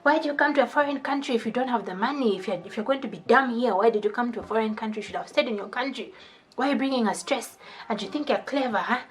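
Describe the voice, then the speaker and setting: A woman's voice: fairly high pitch, quick pace, natural voice. A woman voicing a harsh female immigration officer, scolding with scornful rhetorical questions.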